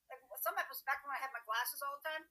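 Fast-talking, self-mocking woman host. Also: high voice, low-quality recording. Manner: self-deprecating, animated storyteller. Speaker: podcast host. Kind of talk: casual interview chat.

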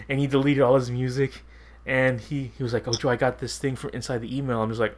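A man's voice: mid-range voice, a little fast, darkish tone. A man co-hosting a podcast, chatting casually and telling stories with frequent laughter. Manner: laughs often, loose rambling storytelling. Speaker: podcast co-host. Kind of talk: casual chat.

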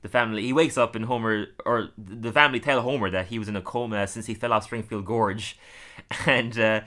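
A man's voice: lowish voice, steady tone, a little fast, sharp tone. A man hosting a podcast, casually recapping a cartoon episode, laughing often and acting out quotes. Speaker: podcast host.

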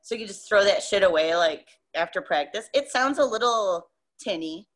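A woman musician appearing as a guest in a casual podcast interview, with a mid-range voice. She talks in a loose, animated way, swearing freely as she tells her stories. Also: medium pitch, moderate pace. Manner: loose, profane, animated storytelling.

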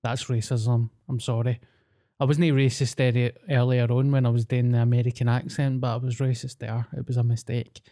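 A man's voice: mid-range voice, little pitch movement, a little fast, warm tone. A Scottish man co-hosting a podcast, telling self-mocking stories in casual banter. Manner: jokey storyteller, self-mocking. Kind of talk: casual chat.

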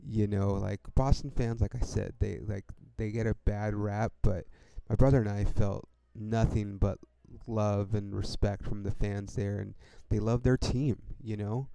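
A man's voice: fairly low pitch, steady tone, unhurried, gravelly, hardly any pauses, dark tone, clear, resonant tone. A young man hosting a podcast, telling a rambling story in a laid-back, profane way, peppered with "dude" and "like". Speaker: podcast host.

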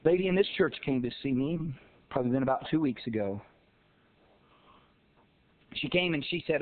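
A man pastor preaching a sermon, emphatic, with rhetorical questions and shouted, repeated lines. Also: mid-range voice, lively intonation, normal speed, long pauses. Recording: tinny phone-like sound.

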